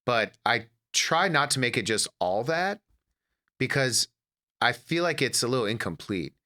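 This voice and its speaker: A comedian from Detroit in a casual interview, telling animated family stories. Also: male voice, medium pitch, a little slow. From Detroit, USA. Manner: animated storyteller, acts out his mother's lines. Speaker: comedian guest.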